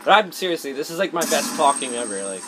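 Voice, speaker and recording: With a slightly high, very animated voice and a quick pace, this gamer swears often and rambles self-consciously through his let's-play. Loud gunfire and game audio make the recording noisy.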